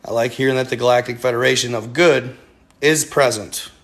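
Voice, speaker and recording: A man's voice: medium pitch, fairly even intonation, brisk, fairly bright tone. A man hosting a casual livestream, rambling with many fillers and talking straight to his viewers. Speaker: livestream host.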